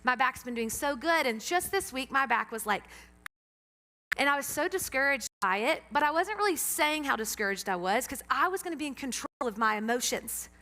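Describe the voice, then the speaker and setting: A middle-aged woman preaches to her church in a high, bright voice, playing out her own reactions as she tells stories. Her words ring out with a long reverb from the sanctuary. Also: a little fast, slight background noise. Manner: animated storytelling, acts out her own reactions. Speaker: pastor. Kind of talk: sermon.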